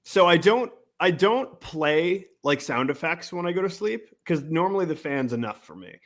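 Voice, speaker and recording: A man's voice: on the high side, lively intonation, moderate pace. A man co-hosting a podcast in casual chat, telling stories in a laid-back, rambling way. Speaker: podcast co-host.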